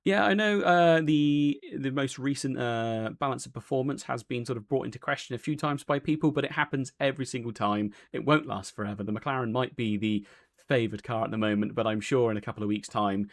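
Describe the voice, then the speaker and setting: A man's voice: medium pitch, fairly quick, creaky. A man hosting a post-race interview, talking in a chatty, rambling way with lots of fillers and self-corrections. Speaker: race broadcast host.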